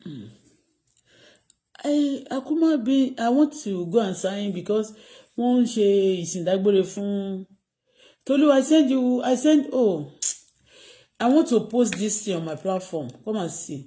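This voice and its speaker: A woman's voice: mid-range voice, animated, measured pace, dark tone, poor audio. Chatty Nigerian Yoruba woman streaming live. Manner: chatty, switching between English and Yoruba, chuckling asides. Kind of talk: casual live-stream chat. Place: home in Canada.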